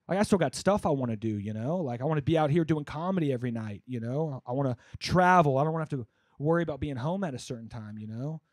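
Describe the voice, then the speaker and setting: A young man doing a stand-up comedy set in a comedy club, rambling conversationally with lots of fillers and bursting into louder punchlines. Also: mid-range voice, animated, a little fast, no echo, clean studio sound.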